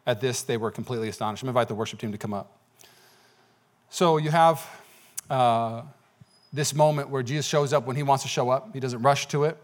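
A man's voice: medium pitch, fairly quick, pauses often. A man preaching a sermon as pastor in a church, talking conversationally with frequent "okay?" asides. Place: church sanctuary.

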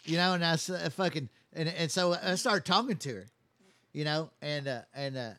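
A man's voice: on the high side, moderate pace, sharp tone, no room sound. A man telling a long, rambling, profane story in casual chat. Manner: rambling, profane, many restarts.

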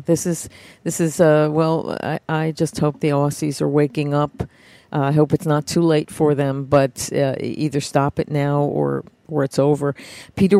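A woman's voice: low-pitched, dark tone, no room sound. A woman hosting a talk interview, reacting with disbelief and restarting her sentences. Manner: exclaims in disbelief, halting restarts. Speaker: show host.

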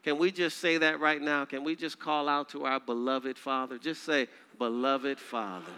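A man preaching a sermon as pastor, coaxing the congregation to repeat lines and swinging from quiet low passages to high, loud declaiming. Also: level tone, moderate pace, a little hiss or hum. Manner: call-and-response preaching, urging the congregation to repeat phrases.

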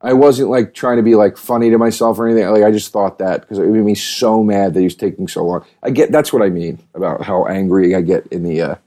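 A podcast host speaks in a lowish, warm voice, talking fast with hardly any pauses. His casual monologue rambles, restarts often, and leans heavily on "like."

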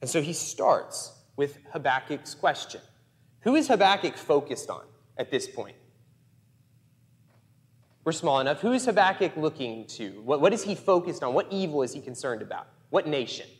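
A man's voice: fairly high pitch, very animated, normal speed. Man preaching in a reverberant church. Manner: conversational, emphatic preaching. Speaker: pastor. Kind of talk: sermon. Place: church sanctuary.

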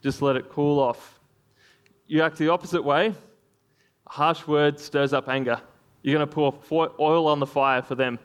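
A man giving a sermon in a relaxed, chatty way. He speaks in a slightly higher register and often pauses on fillers while talking through scripture. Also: clean tone. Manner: conversational, with frequent fillers and laughs. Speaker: preacher.

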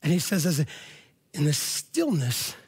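A man's voice: on the high side, very animated, measured pace, husky. A man preaching a sermon in a casual, emphatic way, often checking in with "all right?". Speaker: pastor.

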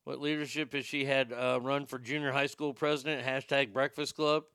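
A man's voice: mid-range voice, flat delivery, moderate pace, sharp tone, clear, resonant tone, dry recording, studio quality. A male show host delivering profane, sarcastic political commentary, with boastful asides.

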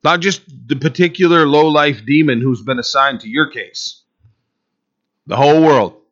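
Man preaching a lively sermon, lo-fi. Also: a little high, normal speed. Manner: animated preaching, swings between loud emphasis and quiet asides. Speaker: pastor.

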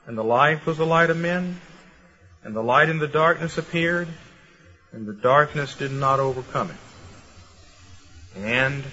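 A man's voice: on the high side, bright, forceful tone. A man giving a lecture to a class, reading scripture aloud in a rhythmic, flowing cadence with conversational asides. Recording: dull lo-fi recording.

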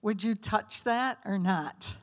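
A woman's voice: medium pitch, takes it slowly. A woman giving a conversational teaching sermon to a women's group, asking the audience questions and acting out quoted voices. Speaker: women's ministry speaker.

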